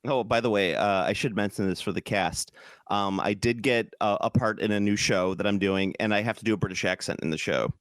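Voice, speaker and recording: A man from the American Midwest co-hosting a casual gaming podcast, talking in an animated, profane, jokey way. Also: lowish voice, a little fast, no echo, clean studio sound. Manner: animated, profane, jokey, slips into mock British voices. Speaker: podcast co-host. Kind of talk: casual chat.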